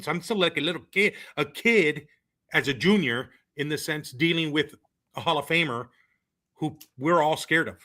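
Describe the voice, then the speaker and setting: A man in his thirties guests on a sports podcast and recounts his playing days. His voice is bright and forceful, and his delivery is loose and animated. He leans on fillers and breaks into laughter. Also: fairly high pitch. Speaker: former college baseball player, guest. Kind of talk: casual storytelling on a podcast.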